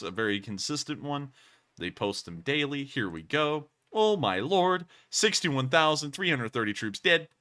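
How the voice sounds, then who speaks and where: A man's voice: mid-range voice, sharp tone. A man hosting a casual news livestream who says he is exhausted and yawning, talking in a drawling, apologetic way between answers. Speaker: livestream host.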